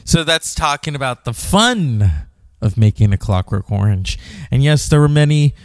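Smooth-voiced male podcast host, dry sound. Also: medium pitch, lively intonation, normal speed, dry recording. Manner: casual, repeats himself. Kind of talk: podcast commentary.

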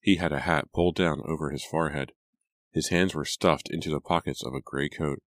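A man narrating a horror audiobook in a measured, scripted delivery. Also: a bass voice, steady tone, no echo.

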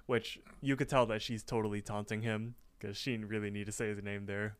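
A man's voice: on the low side, flat delivery, a little fast, hardly any pauses, clear, resonant tone, no echo. A young man co-hosting a podcast from his apartment, easygoing and chuckling as he recaps a cartoon. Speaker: podcast co-host. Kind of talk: casual chat recapping a cartoon episode.

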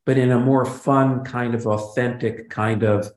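A man's voice: medium pitch, steady tone, measured pace, a little mellow. An older man, a guest in a casual interview, telling stories animatedly and acting out quoted lines. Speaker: guest, sitcom writer and producer. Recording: roomy echo.

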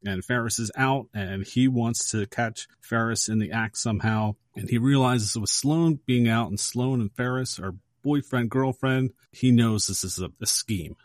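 A man's voice: mid-range voice, moderate pace, hardly any pauses, no room sound. Man retelling a movie scene, dry sound. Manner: lively retelling of a movie scene, acting out quotes. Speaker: podcast co-host. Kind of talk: casual podcast film discussion.

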